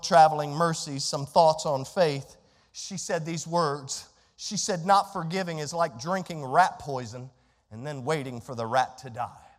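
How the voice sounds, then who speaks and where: High-voiced preacher in a reverberant hall. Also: male voice. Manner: preaching with dramatic swings in loudness, acting out inner complaints. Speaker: pastor. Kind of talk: sermon. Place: church sanctuary.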